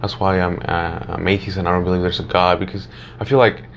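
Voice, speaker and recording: A man's voice: sits low, flat delivery, fast, vocal fry, dull audio, slight background noise. A man in casual podcast chat who agrees easily, repeats words and often adds "you know".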